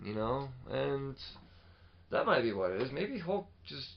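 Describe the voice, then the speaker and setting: A man co-hosting a comics podcast in loose, casual chat. He talks animatedly, swears often and jumps into quick put-on quotes. His voice sits at a middling pitch, and the recording sounds a little dull and lo-fi. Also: sing-song, creaky. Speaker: podcast co-host.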